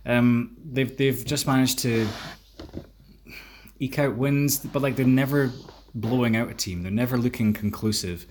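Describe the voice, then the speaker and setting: A man co-hosting a casual sports podcast, talking through games in a measured, opinionated analysis manner, recorded on a phone. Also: medium pitch, fairly even intonation, a little mellow, slight background noise. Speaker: podcast co-host.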